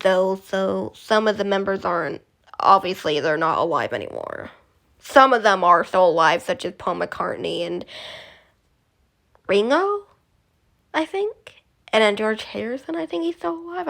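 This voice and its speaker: Young woman, vlogger, casual rambling chat, slightly high voice, unhurried. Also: a bit bright. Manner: rambling, self-correcting, giggly.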